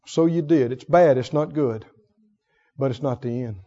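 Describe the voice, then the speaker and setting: A man preaching a sermon with fervor, swinging from hushed tones to shouts. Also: medium pitch, moderate pace. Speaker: pastor. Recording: dull sound in a long-reverb hall.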